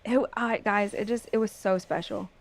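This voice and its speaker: A woman's voice: mid-range voice, fairly even intonation, moderate pace, gravelly. A woman hosting a podcast, talking earnestly and enthusiastically to motivate her listeners. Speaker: podcast host.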